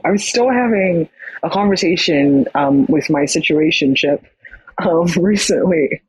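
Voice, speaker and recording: Young woman podcast guest, casual storyteller, husky breathy voice, dead-dry recording. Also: sits low, measured pace, no room sound, rough recording. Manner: animated, frequent fillers and quoted dialogue.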